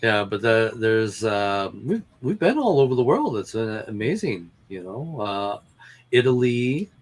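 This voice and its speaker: A man's voice: on the low side, very animated, measured pace. A man, a paranormal investigator, chatting casually as a guest. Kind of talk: casual chat.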